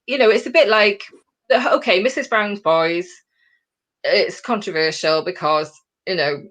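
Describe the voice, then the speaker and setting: A woman co-hosting a comedy podcast over a video call, chatting animatedly and slipping into quick impressions. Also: medium pitch, a bit bright. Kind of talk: casual chat.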